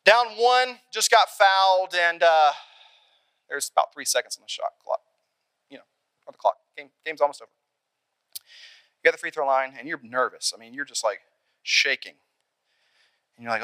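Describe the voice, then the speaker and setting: A young adult man preaching a sermon in an animated, conversational way, acting out little scenes along the way. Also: fairly high pitch, normal speed, pauses often, clear, resonant tone, dry recording. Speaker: pastor.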